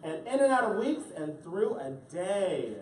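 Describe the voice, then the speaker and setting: Drag queen storyteller, slow and animated, cracking jokes to the kids; distant, roomy recording. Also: medium pitch. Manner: playful, joking asides to the audience. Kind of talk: reading a picture book aloud to children. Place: indoor event space with a family audience. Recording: echoey room, far from the mic, crowd.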